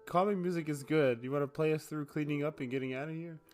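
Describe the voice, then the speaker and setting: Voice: mid-range voice, fast talker, darkish tone, faint music behind. A player in a tabletop role-playing game, bantering in a laid-back, joking way.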